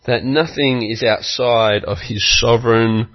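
A man preaching a sermon as pastor, telling a story slowly and earnestly and acting out its quotes. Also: mid-range voice, muffled recording.

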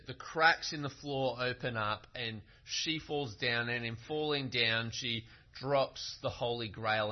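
Slow, emphatic male preacher. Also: mid-range voice, dull audio. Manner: storytelling, emphatic, with rhetorical questions. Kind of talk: sermon.

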